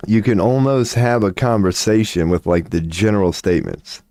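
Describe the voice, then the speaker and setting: A man's voice: lowish voice, moderate pace, darkish tone, dry recording, studio quality. A man hosting a livestream, chatting casually and rambling with swearing and laughter. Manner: profane, laughing, rambling storyteller. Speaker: livestream host.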